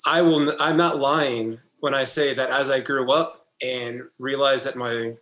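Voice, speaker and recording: A man in his forties co-hosting a podcast, offering reflective, measured opinions in casual chat. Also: medium pitch, steady tone, a bit bright. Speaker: podcast co-host. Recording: roomy echo.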